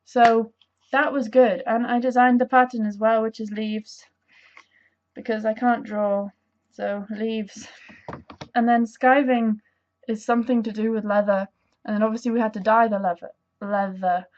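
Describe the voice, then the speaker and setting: Chatty young woman vlogging at home, highish voice, kinda muffled lo-fi camera sound. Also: fairly even intonation, a little slow, darkish tone. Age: young adult. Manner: bubbly and enthusiastic, rambling and self-deprecating. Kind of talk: casual chatty vlog. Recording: dull lo-fi camera audio.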